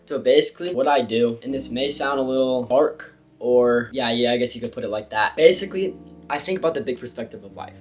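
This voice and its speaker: A young man giving casual, emphatic advice to camera about confidence and speaking, with slangy, animated delivery. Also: mid-range voice. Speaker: self-improvement creator. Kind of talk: casual motivational talk to camera.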